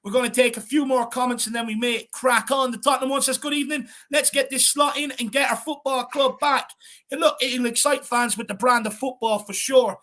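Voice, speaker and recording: An Irish man co-hosting a fan channel, chatting casually on a live stream and reading out viewer comments with shout-outs. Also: very high voice, steady tone, fairly quick. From Ireland.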